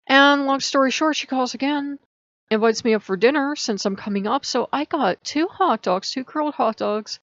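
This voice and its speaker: A middle-aged woman talks in a loose, rambling vlog, her words wandering from one thought to the next. Her voice has a gravelly fry, and her pitch often leaps up mid-sentence. The recording is dull and dry, with no room sound. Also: moderate pace, fairly bright tone, dry recording. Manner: rambling, chatty, with sudden rises in pitch. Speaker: vlogger. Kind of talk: casual spiritual vlog chat.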